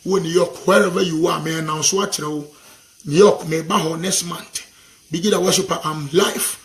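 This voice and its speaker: A man with a Ghanaian accent preaches in a high, ringing voice, fervent and repetitive. He leads call-and-response declarations and slips Twi phrases into his English. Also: fairly even intonation, moderate pace, a bit bright. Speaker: gospel worship minister. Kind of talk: charismatic preaching and prophetic declaration.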